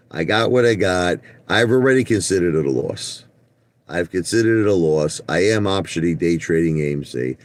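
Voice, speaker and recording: A man with a deep, slightly mellow voice rants on his live stream, speaking bluntly and addressing chat viewers by name. He repeats himself and often stumbles and restarts.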